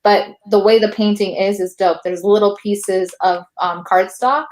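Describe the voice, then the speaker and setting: A woman's voice: medium pitch, fairly even intonation, measured pace, darkish tone. A woman poet and professor chatting casually as a guest in an interview, using slang and lots of fillers.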